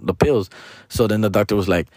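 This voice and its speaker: A man's voice: lowish voice, brisk, no echo, studio quality. Profane Mexican-American man telling a story. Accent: Mexican-American English, code-switching to Spanish. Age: 40s. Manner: profane, slangy, animated storytelling. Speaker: podcast host. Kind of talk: casual storytelling monologue.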